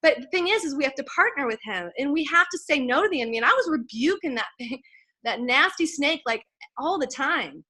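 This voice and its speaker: A woman's voice: high-pitched, expressive, fairly quick, pushed and bright. A woman in her forties giving an emotional, faith-filled motivational testimony to a sales team, chatty and earnest, building into fired-up preaching. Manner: chatty, many "like"s and "you guys". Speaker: speaker at a sales team event.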